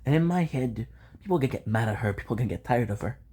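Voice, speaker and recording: A man's voice: mid-range voice, expressive, quick pace, mellow, slightly rough. An upset man venting about his neighbors in a home vlog, repeating himself and swearing. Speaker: content creator. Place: home balcony.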